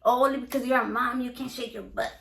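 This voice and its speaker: A Mexican American woman with a Chicano English accent hosts a casual home cooking vlog. She talks in a brash, playful, profane way, and her voice sits a bit high. The sound bounces around a roomy home kitchen. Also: steady tone, a little fast, gravelly, a bit bright, a little hiss or hum. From United States, Mexican American. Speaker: home cook and salsa seller. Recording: echoey room.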